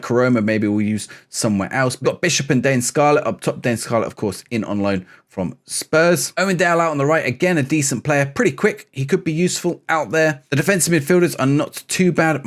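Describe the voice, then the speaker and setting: Fast-talking man narrating a game. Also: mid-range voice. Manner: chatty, upbeat, rambling asides. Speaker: gaming YouTuber. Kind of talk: casual game commentary.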